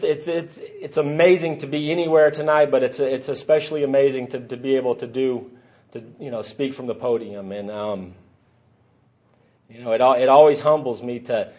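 A man's voice: mid-range voice, darkish tone, highs cut off. A middle-aged man giving a rambling, self-deprecating personal testimony from the podium at a recovery meeting. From Texas.

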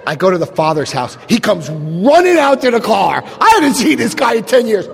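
Man, animated self-mocking storyteller; lively swings in pitch, long hall reverb. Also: brisk, creaky. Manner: animated and self-mocking, jumps into high yelps for his own past self. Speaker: speaker sharing a recovery story. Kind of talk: storytelling to an audience.

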